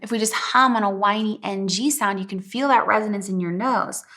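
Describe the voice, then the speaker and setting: A young woman giving a singing lesson in a clear, encouraging way. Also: mid-range voice, a little fast, bright, forceful tone. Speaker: vocal coach. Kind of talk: singing lesson with sung demonstrations.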